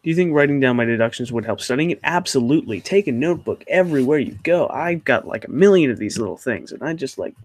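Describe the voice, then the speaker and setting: A man's voice: mid-range voice, animated, quick pace, few pauses, no room sound. A young man hosting his channel, answering viewer questions in a rambling, hesitant way with many fillers and restarts. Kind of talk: casual Q&A chat.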